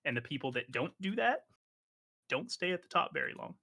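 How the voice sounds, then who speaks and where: A man's voice: fairly high pitch, very animated, brisk, pushed and bright, husky. Blunt, profane man streamer. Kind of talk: casual live-stream chat.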